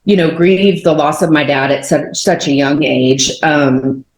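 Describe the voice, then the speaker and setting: Guest, woman in her 40s from Texas, low voice, lively storyteller, recorded in a reverberant room. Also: measured pace. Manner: animated storyteller, many fillers, acts out quotes. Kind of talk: telling a personal faith testimony. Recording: roomy echo.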